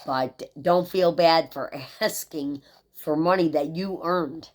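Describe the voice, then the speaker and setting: Middle-aged woman with a low voice, tarot reader, rambling and heartfelt vlog delivery. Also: takes it slowly. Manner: rambling, heartfelt, talks straight to viewers. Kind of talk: casual tarot reading vlog.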